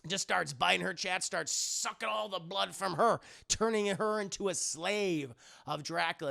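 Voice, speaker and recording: A man talks through a horror film's plot in a loose, profane, joking way. His voice is high for a man, bright and edged with gravelly fry, and it jumps around as he acts out bits of the scenes. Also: normal speed. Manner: profane, jokey retelling. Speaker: film reviewer and streamer. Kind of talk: casual spoiler review.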